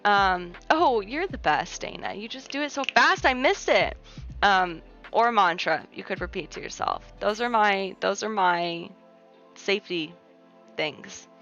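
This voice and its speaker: A woman's voice: medium pitch, expressive, a little slow, fairly bright tone. A young woman hosting a livestream, chatting casually and reassuringly with viewers, with lots of fillers. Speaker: livestream host. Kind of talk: casual chat reading viewer comments. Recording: muffled lo-fi stream audio with faint music. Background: faint background music.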